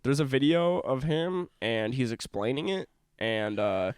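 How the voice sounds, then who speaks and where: A young man co-hosting a podcast in casual chat, rambling with lots of filler words and laughing often, a little hoarse from a cold. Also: mid-range voice, animated, a little slow, darkish tone, no room sound. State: slight cough from a cold. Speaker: podcast co-host.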